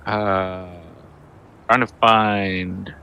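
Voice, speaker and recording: A man playing in a live tabletop game, describing his character's actions slowly with many fillers and restarts. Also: low voice, flat delivery, clear, resonant tone, highs cut off. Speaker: player.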